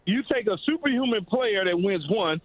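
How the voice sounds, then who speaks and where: A man's voice: high-pitched, animated, normal speed, no echo. A man calling into a sports radio show, blunt and combative in debate. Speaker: radio guest. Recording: tinny phone line.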